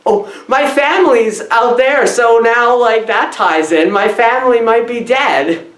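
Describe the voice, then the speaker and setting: A woman rambles through a comic film review, loud and scattered, leaping from aside to squealed quote. Her voice sits a little high. The room around her is echoey. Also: a little slow. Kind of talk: rambling deadpan comedy review.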